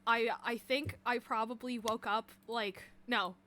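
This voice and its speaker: A woman's voice: fairly high pitch, fairly even intonation, a little slow, sharp tone. A woman streamer in casual chat, rambling and giggling with lots of fillers.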